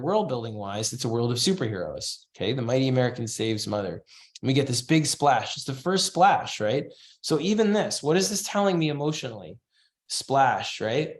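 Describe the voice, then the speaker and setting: A man teaching a comics writing class, talking loosely and reading bits of a script aloud as he critiques it. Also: mid-range voice. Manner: loose, chatty, reads comic lines aloud in passing. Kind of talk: casual online class critique.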